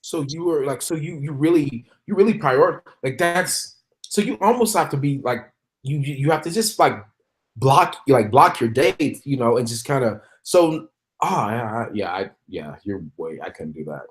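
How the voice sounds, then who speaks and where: A man's voice: mid-range voice, expressive. Guest, man, stop-start talker who restarts his sentences a lot. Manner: halting, many restarts and fillers. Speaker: podcast guest. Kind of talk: casual podcast conversation.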